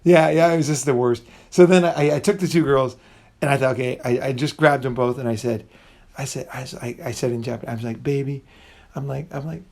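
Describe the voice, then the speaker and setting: A man's voice: fairly high pitch, a little fast, darkish tone. Rambling profane man telling a story. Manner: rambling, profane, restarts often, acts out voices in quotes. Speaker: channel host. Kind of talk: casual storytelling monologue.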